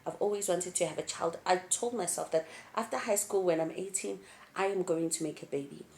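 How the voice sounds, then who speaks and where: A young woman speaks to her camera in a vlog. Her voice sits a little low, and she moves between laughter and heavy, emotional moments as she talks openly. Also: fairly quick, darkish tone. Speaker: YouTube vlogger. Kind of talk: casual chat to camera.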